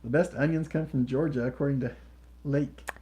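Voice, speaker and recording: A man's voice: medium pitch, steady tone, normal speed, dark tone. A man co-hosting a live stream in casual chat, upbeat and friendly as he reads out and answers viewer comments. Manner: enthusiastic, friendly greetings to viewers.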